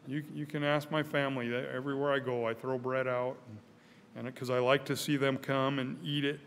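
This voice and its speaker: An older man preaching a sermon in a church, earnest, often repeating his first words, growing louder when stirred. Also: medium pitch, little pitch movement, brisk, a little hiss or hum. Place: church sanctuary. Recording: church hall with long reverb.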